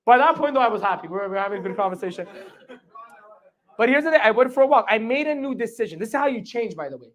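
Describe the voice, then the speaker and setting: A man leads a live training session as a motivational speaker. His delivery is animated, and he keeps checking in with his audience through questions. He also acts out the voices in his own head. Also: sits high, very fast.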